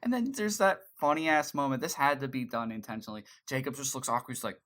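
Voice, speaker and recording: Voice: mid-range voice, fast talker, hardly any pauses, fairly bright tone. A podcast co-host in casual chat, retelling scenes in a loose, rambling way with restarts. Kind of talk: casual pop-culture chat.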